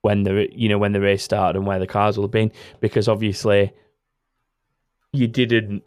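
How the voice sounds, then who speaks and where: A man's voice: lowish voice, flat delivery, moderate pace, darkish tone, dry recording, studio quality. A man hosting a casual podcast, rambling and correcting himself as he goes, laughing often. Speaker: podcast host. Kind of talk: casual chat.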